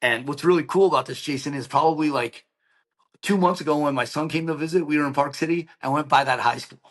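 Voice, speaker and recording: A man's voice: on the high side, fast talker. A middle-aged man, a podcast guest, telling a personal story with energy, acting out what people said and sprinkling in "like" and "right?". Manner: animated storyteller, acts out quoted dialogue, many "like" and "right?" fillers. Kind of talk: emotional personal storytelling in an interview.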